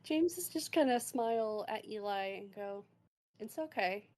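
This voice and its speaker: A woman's voice: mid-range voice, lively intonation, moderate pace, darkish tone. A woman narrating as game master in a rambling way, with many fillers.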